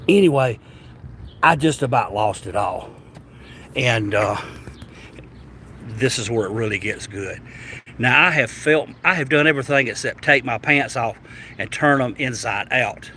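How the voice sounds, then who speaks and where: A Southern man working as a travel vlogger tells a casual story in a mid-range voice, with a little hiss or hum in the audio. He's animated and rambling, stammering and restarting his sentences.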